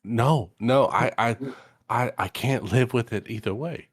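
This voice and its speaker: A man voicing a grieving adventurer in a tabletop role-play, halting and stammering with emotion. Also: mid-range voice, slightly rough, no echo, clean studio sound, pitched above the performer's own voice. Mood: anguished. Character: grieving adventurer torn over undead friends.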